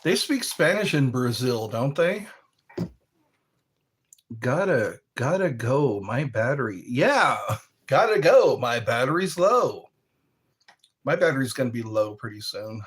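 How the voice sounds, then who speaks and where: A man's voice: medium pitch, lively intonation, a little slow, fairly bright tone, slightly rough. A man hosting a live stream, chatting in a rambling, playful way while he snacks and spells words out.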